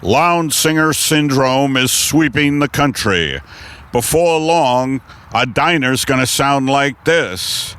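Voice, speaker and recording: A man's voice: medium pitch, takes it slowly, a bit bright, slight background noise. A man hosting a podcast, riffing improvised comedy in a rambling way with restarts and chuckles, outdoors in a park. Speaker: podcast host.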